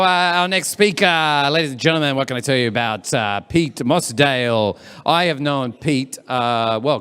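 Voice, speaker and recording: A man's voice: mid-range voice, fairly bright tone, smooth, big-room sound. A man hosting an event as a comedian, chatty and teasing the crowd live. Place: live event room with audience.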